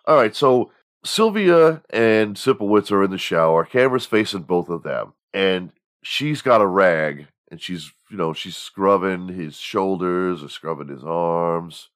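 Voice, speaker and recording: A man in his forties with a somewhat low voice hosts a loose solo show. He rambles through stories and rants in a casual, profane way, breaking into laughs as he talks. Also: lively intonation, measured pace. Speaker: podcast host.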